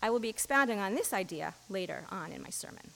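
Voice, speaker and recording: A woman giving a sermon as an interfaith minister, reading a story in a measured storytelling voice, in a church. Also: medium pitch, animated, vocal fry, pushed and bright, big-room sound, low-quality recording. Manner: measured storytelling, giving the blind men brief quoted lines. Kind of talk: sermon with a story read aloud.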